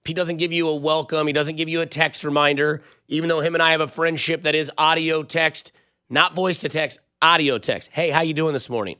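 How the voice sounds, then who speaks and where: Young male sports radio host, casual and rambling, slightly higher voice, dry booth sound. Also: flat delivery, fairly quick, pushed and bright, clean tone, dry recording. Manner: chatty, rambling storytelling. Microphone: studio microphone.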